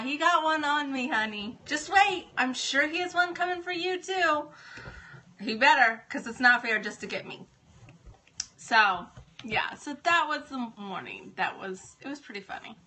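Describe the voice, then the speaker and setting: Chatty ohio lady on a live stream saying hi to viewers, high voice. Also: lively intonation, normal speed, bright, forceful tone. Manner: chatty, greets viewers by name. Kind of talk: casual live-stream chat.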